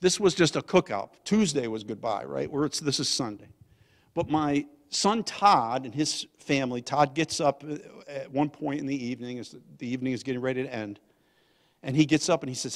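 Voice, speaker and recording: An older man, a guest pastor, telling a family story in a sermon, swinging from loud to hushed. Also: medium pitch, expressive, normal speed, vocal fry. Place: church sanctuary. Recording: long church hall reverb.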